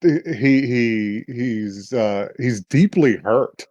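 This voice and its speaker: A man's voice: mid-range voice, drawn-out words, darkish tone, dry recording, dull audio. Laughing man recapping an anime. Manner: retells scenes acting out both characters' lines, laughs often. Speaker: podcast co-host. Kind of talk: casual chat recapping an episode.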